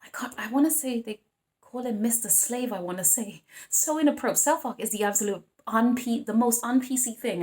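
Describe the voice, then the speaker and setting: A woman's voice: mid-range voice, roomy sound. A woman giving a casual tarot reading, chatty and blunt, swearing freely as she talks to her viewers. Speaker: tarot reader.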